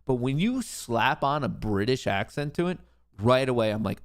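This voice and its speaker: Male stock show host, gravelly, jokey and irreverent. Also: medium pitch, expressive, normal speed. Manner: joking, playful, swearing, talks over clips. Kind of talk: casual stock market commentary.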